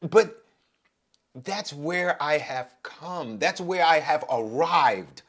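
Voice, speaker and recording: Passionate New York man, higher voice. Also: animated, slow pace. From Brooklyn, New York. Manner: passionate, rises in pitch and loudness when making a point. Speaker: podcast host. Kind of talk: reflective monologue.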